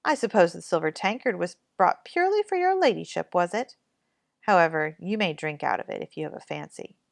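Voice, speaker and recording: A woman's voice: lowish voice, lively intonation, brisk, creaky, no room sound, clean studio sound. A woman voicing a proud, rude elder daughter in a storybook, haughty and sarcastic.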